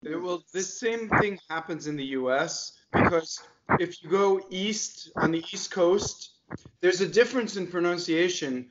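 Man explaining, slightly raised pitch. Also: unhurried, a little hiss or hum. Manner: explains with examples, laughs easily, checks with "right?". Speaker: co-host. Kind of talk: casual conversation. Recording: dull lo-fi sound.

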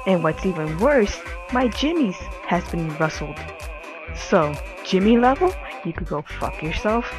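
A woman's voice: medium pitch, sing-song, slow pace, pauses often, music in the background. A young woman with a cold giving casual, swearing gameplay commentary from her bed, exasperated and rambling. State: sick, coughing. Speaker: gaming video creator. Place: bedroom.

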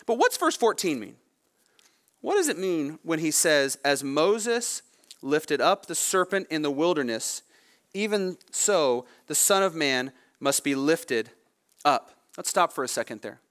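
A male pastor preaching a sermon, expressive, voicing the people in the story as he goes. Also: a little high, a little slow. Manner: expressive preaching with dramatic voiced quotes.

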